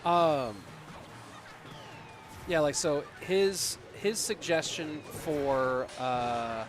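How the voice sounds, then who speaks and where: A young American man with a slightly higher voice casts a live esports stream. He chats and rambles between plays and gets loud and excited during big moments. Faint music plays softly behind him. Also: drawn-out words. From United States. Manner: chatty, rambling, with many fillers; rises to loud excited play-by-play. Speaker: esports caster. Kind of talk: livestream commentary and chat.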